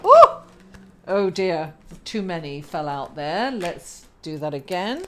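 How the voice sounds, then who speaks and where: A woman's voice: on the low side, sing-song, a little slow, bright, forceful tone, a little hiss or hum. A woman reading tarot cards in a chatty way, laughing at herself now and then. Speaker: astrologer and tarot reader. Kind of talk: casual tarot reading to camera.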